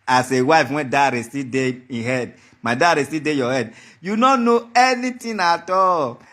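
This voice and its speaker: A man's voice: a little high, lively intonation, normal speed, sharp tone. A man with a Nigerian accent giving a heated monologue to the camera, taunting and mocking, repeating his threats over and over. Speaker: vlogger.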